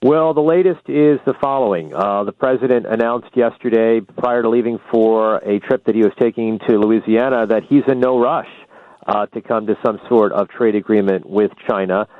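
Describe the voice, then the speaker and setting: Low-voiced man on a tinny phone line. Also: dry recording. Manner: measured, with frequent "uh" fillers. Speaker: correspondent. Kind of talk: live interview by phone.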